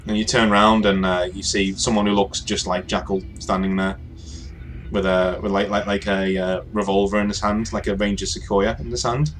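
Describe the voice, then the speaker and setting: A man narrating a tabletop role-playing game as game master, halting and full of fillers. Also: lowish voice, flat delivery.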